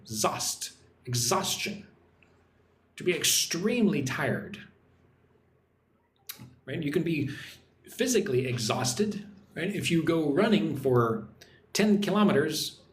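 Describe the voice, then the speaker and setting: A man from Texas hosting a live online English lesson, reading out viewers' chat comments and explaining words slowly, often checking in with "right?". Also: medium pitch. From Texas, United States. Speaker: English teacher hosting a livestream. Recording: roomy echo with faint background noise.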